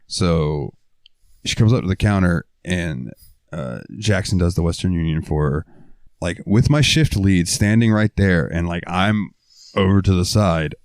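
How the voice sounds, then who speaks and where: Young male podcast host, casual profane storyteller, low-ish, dry close sound. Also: expressive, measured pace, a little mellow, no room sound. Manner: rambling, profane, lots of fillers.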